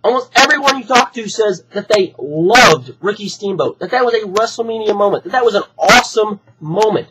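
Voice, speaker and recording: A hoarse man, still recovering from being sick, ranting heatedly and with plenty of swearing in an opinion vlog. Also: high-pitched, animated, fairly quick, few pauses, low-quality recording. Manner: heated, profane, repetitive ranting. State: hoarse from recent illness. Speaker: wrestling fan vlogger. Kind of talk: opinion rant to camera.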